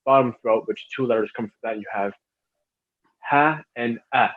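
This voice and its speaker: A man's voice: medium pitch, moderate pace. A man answering his teacher's question in an online class, carefully listing points. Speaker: student. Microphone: video call. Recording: muffled video call audio.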